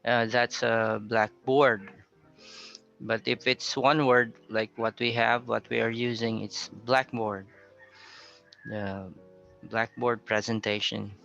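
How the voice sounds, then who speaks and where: A man's voice: mid-range voice, little pitch movement, a little slow, gravelly, hardly any pauses, fairly bright tone. A male pronunciation teacher giving a classroom lecture, patiently explaining word stress step by step and quizzing his students. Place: classroom with a blackboard. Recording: dull lo-fi sound with faint music.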